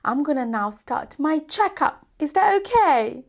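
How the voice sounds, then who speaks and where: A woman hosting a preschool lesson as a doctor, speaking gently in a slow, exaggerated, sing-song way. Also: high-pitched, very animated, vocal fry. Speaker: children's show host, doctor.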